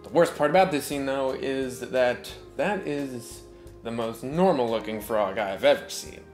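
A man's voice: medium pitch, unhurried, darkish tone, faint music behind. Sarcastic, swearing male movie reviewer. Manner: sarcastic, profane, mock-outraged. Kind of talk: comedic voice-over commentary.

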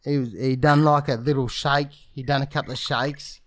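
A man's voice: mid-range voice, fairly even intonation, moderate pace, no room sound. A young man who talks crudely and acts panicked while playing a prank on a friend. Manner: crude, swearing, acting panicked. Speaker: podcast guest.

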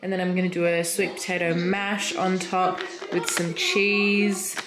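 A young woman with an Australian accent, vlogging casually, animated and swearing freely with lots of "like" fillers. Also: fairly low pitch, measured pace, a crowd in the background. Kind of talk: casual vlog storytelling.

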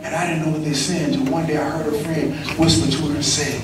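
A middle-aged man from California giving an energetic, slangy motivational speech at a school assembly, calling back and forth with the audience. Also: a little high, quick pace, hardly any pauses. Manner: energetic, slangy, call-and-response with the crowd. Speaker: motivational speaker. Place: large echoey school auditorium. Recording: very echoey hall, distant mic, noisy.

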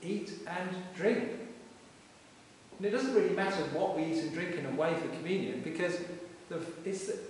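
Emphatic vicar preaching in an echoey church. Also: male voice, high voice, moderate pace. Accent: Welsh. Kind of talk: sermon. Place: stone church, live service. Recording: echoey church from far off with hiss.

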